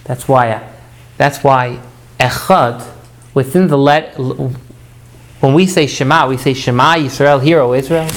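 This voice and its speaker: A man's voice: mid-range voice, steady tone, takes it slowly. A man teaching a Torah class, often repeating words as he starts and putting questions to his listeners.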